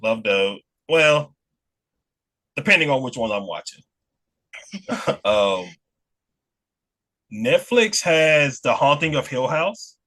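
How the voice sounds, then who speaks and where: A man from Alabama with a Southern American accent talks casually as a podcast guest. His voice is bright and forward. He rambles, restarts his sentences and laughs between thoughts. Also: medium pitch, lively intonation, takes it slowly, pauses often. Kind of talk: casual chat.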